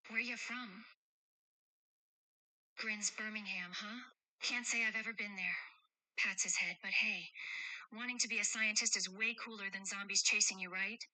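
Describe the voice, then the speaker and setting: A woman voicing a caring adult who protects two children, speaking gently and teasingly and reading the stage directions aloud in a chat role-play. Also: medium pitch, steady tone, a little slow, pauses often, dry recording, low-quality recording. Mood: tender, playful.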